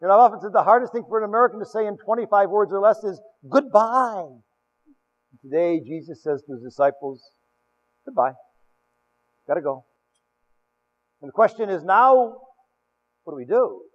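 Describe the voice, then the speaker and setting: A man's voice: sits high, fairly quick. An older man preaching a sermon as pastor, telling stories with many restarts and repeated words. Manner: animated storytelling with many restarts. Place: large church. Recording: echoey church, dull lo-fi.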